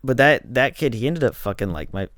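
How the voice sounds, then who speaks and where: A man's voice: medium pitch, lively intonation, brisk, a bit bright. A young man co-hosting a podcast, chatting in a laid-back way and swearing often. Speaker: podcast co-host. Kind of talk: casual chat.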